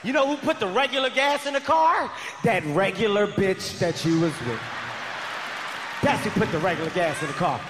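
High-voiced, animated stand-up comic man. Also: moderate pace, crowd noise, noisy background. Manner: loud, animated, often shouting. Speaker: stand-up comedian. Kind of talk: stand-up comedy routine. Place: large venue before a live audience. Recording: long reverb of a large hall.

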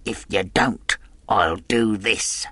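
A man's voice: lowish voice, slow, gravelly, bright, forceful tone, husky, dry recording, exaggerated voice. A man voicing a cruel old blind beggar pirate in an audiobook, speaking in an odd wheedling sing-song with a cold, ugly edge. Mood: cold menacing.

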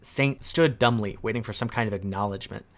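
A man reading game lore aloud in a calm, steady storytelling manner. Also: on the low side, brisk.

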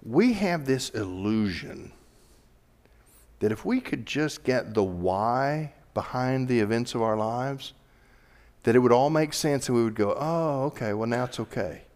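Animated male preacher in echoey hall. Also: medium pitch, a little slow. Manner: animated, climbs to loud emphatic peaks. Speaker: pastor. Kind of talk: sermon. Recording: reverberant hall.

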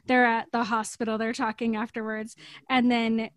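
A woman's voice: on the high side, level tone, normal speed, no echo, studio quality. A woman chatting about a book in a rambling, exasperated way. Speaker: book club podcast co-host. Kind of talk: casual chat.

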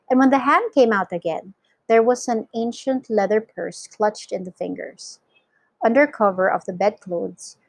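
A woman reading a children's novel aloud for a class, in clear, steady storytelling narration. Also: medium pitch, no echo, poor audio. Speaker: reader for an English class.

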